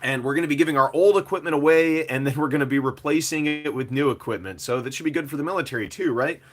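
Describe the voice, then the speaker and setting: A man's voice: on the high side, fast talker. A man hosting a casual commentary video, talking in a loose, conversational way with frequent filler words. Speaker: host.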